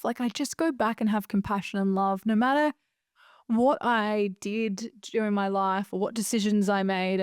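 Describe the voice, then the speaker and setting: A woman, hosting a casual solo podcast as a coach, animated and emphatic, swearing freely and often asking "right?". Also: medium pitch, dry recording, studio quality.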